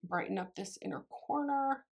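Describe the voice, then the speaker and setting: A woman's voice: high voice, expressive, moderate pace, vocal fry, darkish tone. A woman chatting her way through a makeup tutorial, gushing and talking straight to her viewers. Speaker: beauty vlogger. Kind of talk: casual makeup tutorial chat.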